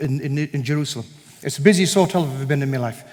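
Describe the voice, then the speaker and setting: A man giving a personal testimony at a church gathering, telling his story in an animated way and acting out the conversations in it. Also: mid-range voice, very fast. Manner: animated storyteller who acts out dialogue. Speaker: guest speaker giving a testimony. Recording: echoey hall with long reverb.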